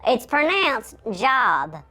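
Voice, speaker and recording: A man playing a tiny shrunken host, his voice sped up to a squeaky chipmunk pitch, panicky and goofy in a kids' church skit. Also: wildly swooping pitch, sharp tone, exaggerated voice. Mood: curious. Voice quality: squeaky cartoon-elf voice. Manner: panicky, goofy, quick to exclaim.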